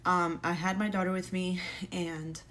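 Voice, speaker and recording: A woman's voice: lowish voice, little pitch movement, a little slow, a bit bright. A woman, a single mom, telling an earnest and emotional faith testimony in a casual way, with many restarts.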